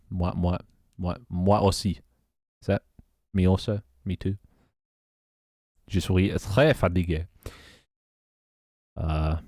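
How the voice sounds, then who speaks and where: A man's voice: sits low, a little mellow, no room sound, clean studio sound. An English man streaming live, chatting casually with his viewers, laughing often, swearing and fumbling through playful mock French. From England. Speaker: live streamer reading chat.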